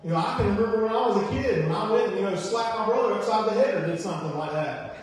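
A man's voice: high-pitched, fast. A man preaching a sermon as pastor, in a conversational style that repeats phrases and acts out the voices of people he quotes. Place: church sanctuary. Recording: echoey church hall, distant mic, faint hiss.

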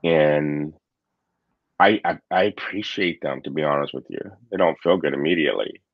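A man with a very low voice talks candidly and thoughtfully, circling back with fillers and restarts. The sound is dry, with no room echo. It comes over a dull, lo-fi remote call. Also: normal speed. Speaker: podcast host and coach. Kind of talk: reflective conversational chat. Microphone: remote call microphone.

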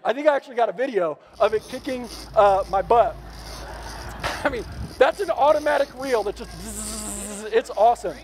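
A man preaching a sermon to a congregation, telling a story in an animated, playful way with asides to the crowd. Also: high voice, moderate pace. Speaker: pastor. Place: church sanctuary before a congregation.

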